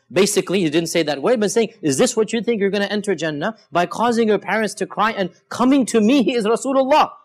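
A man preaching a Ramadan sermon, retelling hadith stories with animated emphasis, drawing out key phrases and dropping in quick Arabic quotes. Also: sits high. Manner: switches between quick Arabic quotes and drawn-out emphatic English; many fillers and restarts, animated storytelling.

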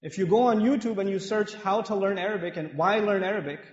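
Male preacher from Pakistan, lively humorous sermon, long hall reverb. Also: sits high, fast talker. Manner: animated, humorous storytelling. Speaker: mosque lecturer. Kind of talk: sermon with personal stories. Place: mosque hall with women's gallery upstairs. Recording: echoey hall, dull sound.

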